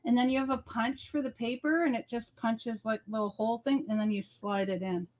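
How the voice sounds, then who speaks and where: A woman's voice: a little high, fairly even intonation, fairly quick, darkish tone. A woman co-hosting a casual crafting livestream over a video call. She explains things step by step and keeps checking "okay?". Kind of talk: casual chat.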